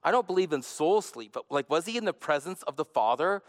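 A man preaching a sermon as a pastor, earnest, moving between hushed and emphatic delivery. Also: on the high side, sing-song, brisk. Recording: long reverb of a large hall.

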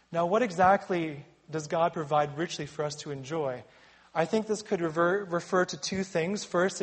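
A man preaching a sermon with emphatic delivery, building to loud warnings and dropping to quiet reflection. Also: fairly high pitch.

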